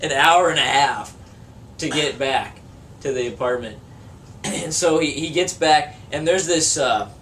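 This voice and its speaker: This young man plays in a band and is giving an interview, casually spinning a lengthy, foul-mouthed tale and laughing throughout. His voice is fairly high and slightly bright, delivered unhurriedly. The mic is distant, picking up faint room noise.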